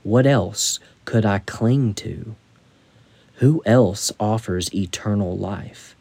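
A man reading aloud from his own devotional book in a measured, deliberate way. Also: lowish voice, creaky, darkish tone, slightly rough, no room sound.

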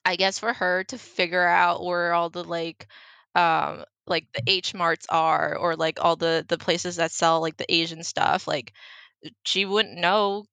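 Young woman, gravelly low voice, bright sharp tone, dry close sound, chatty storyteller. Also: fairly even intonation, a little slow, no echo. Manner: storytelling, heavy use of "like". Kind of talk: casual chat.

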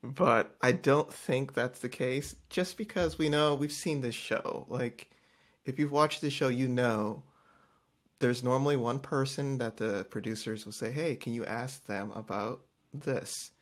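A man's voice: mid-range voice, a little slow. A man chatting casually about a reality show, rambling, restarting and acting out quotes with bursts of volume. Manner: animated, acts out quotes loudly, rambling with restarts.

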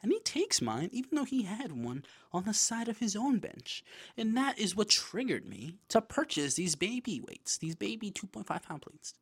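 A man hosting his own podcast, casually telling a story in a loose, profane, animated way with lots of asides. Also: high voice, normal speed, breathy edge. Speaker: podcast host.

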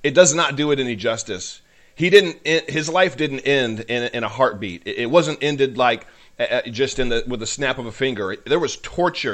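A man's voice: medium pitch, normal speed, fairly bright tone. A man hosting a podcast, giving emotional faith-based commentary in a fervent, preacherly way, at times choked up. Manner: fervent, preacherly, voice rising with passion. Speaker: podcast host.

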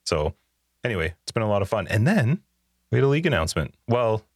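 Deep-voiced man, dry close mic. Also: big pitch swings, fast talker, slightly rough, dry recording. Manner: rambling, restarts sentences often. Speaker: podcast co-host. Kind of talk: casual gaming chat.

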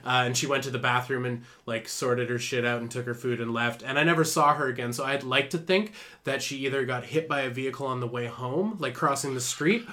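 A man's voice: medium pitch, steady tone, brisk, pushed and bright, slight background noise. A young man hosting a podcast in casual chat, telling rambling stories with frequent laughs and fillers. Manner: laughs often, loose storytelling with many fillers. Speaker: podcast host.

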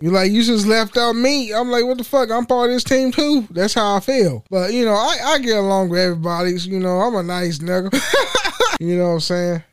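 A man's voice: sits high, clean tone, dry recording. A young man hosting his own podcast in a casual, rambling monologue, full of swearing, restarts and acted-out quotes of his arguments. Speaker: podcast host. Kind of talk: casual solo venting monologue. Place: at home.

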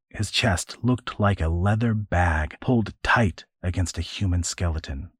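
Deep, husky male audiobook narrator. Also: no room sound, clean studio sound.

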